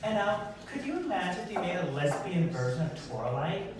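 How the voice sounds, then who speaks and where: A man's voice: high-pitched, very animated, crowd noise. Brash male stand-up comedian, echoey room. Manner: brash, punchy delivery with quick asides. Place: performance venue. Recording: echoey room, distant mic, noisy.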